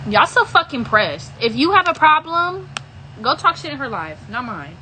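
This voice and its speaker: A young-sounding woman with a high, bright voice rants to her livestream viewers. She is irritated, swears heavily and repeats herself as she vents. The sound is a casual home stream. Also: big pitch swings, normal speed, slight background noise, poor audio. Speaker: livestream host. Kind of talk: angry rant to live viewers.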